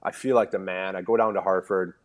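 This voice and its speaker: A man's voice: deep voice, brisk. A man in his thirties from Canada, a former pro hockey player telling stories as a podcast guest, acting out the dialogue he quotes. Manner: animated storyteller, acts out quoted dialogue. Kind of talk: casual storytelling interview.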